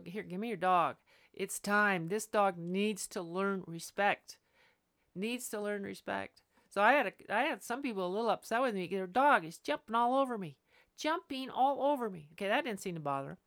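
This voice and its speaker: A woman's voice: mid-range voice, fairly bright tone. Blunt woman dog trainer. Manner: blunt, emphatic, laughs between points. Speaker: dog trainer and podcast host. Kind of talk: casual podcast advice.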